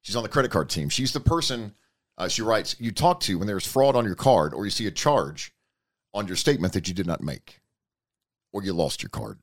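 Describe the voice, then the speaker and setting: Man, podcast host, low voice, lively pitch, rambling folksy chat. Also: brisk. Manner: rambling, folksy, repeats himself.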